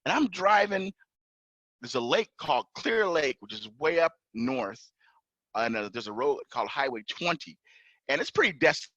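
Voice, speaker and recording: A pilot and entrepreneur, guesting on a podcast, tells a long story at normal speed in a bright, forceful voice that swings widely in pitch. He acts out the officers and others in the tale, getting loud when quoting them, in a casual, animated way. The recording is dry and slightly dull, like lo-fi podcast audio.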